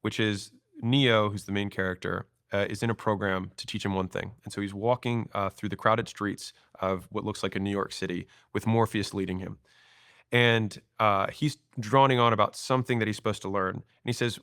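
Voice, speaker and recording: A man in his thirties, a podcast guest, telling stories and acting out quoted lines in an animated way. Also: lowish voice, normal speed, clear, resonant tone, no room sound, clean studio sound. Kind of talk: storytelling interview talk.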